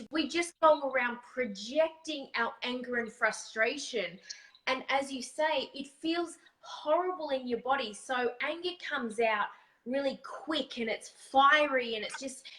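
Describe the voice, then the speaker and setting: A woman hosting a talk show, with a higher-pitched voice and an unhurried pace. She affirms her guest and muses aloud thoughtfully. Her sentences unfold slowly as she works through her ideas. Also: fairly bright tone, slight background noise, low-quality recording. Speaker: host. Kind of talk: conversational interview.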